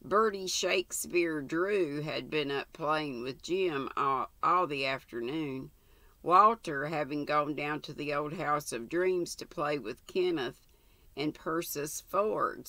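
An older woman reading a novel aloud, slow and deliberate, with chatty asides. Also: deep voice, sharp tone, no echo. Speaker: audiobook reader.

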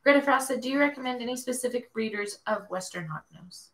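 A woman reads out viewer questions for a co-host, soft-spoken with short replies. Her voice is fairly high and sounds distant and quiet, well away from the microphone. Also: fairly quick. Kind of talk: reading questions aloud.

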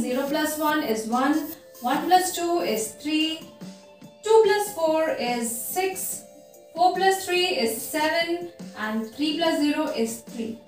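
A woman, teaching a math trick step by step in a slow, patient way. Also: high-pitched, far from the mic. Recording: echoey room, voice off-mic, faint music.

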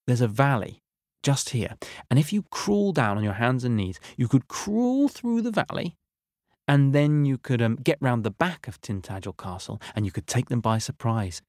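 A man voicing a clever, eager young male helper in a storybook, speaking quickly and knowingly. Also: medium pitch, sing-song, a little mellow, no echo, clean studio sound. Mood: scheming.

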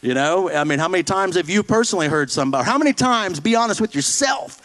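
A man's voice: high voice, lively intonation, fast talker, a bit bright, low-quality recording. A man preaching a sermon in a blunt, folksy way, mocking churchy phrases with put-on voices. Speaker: pastor.

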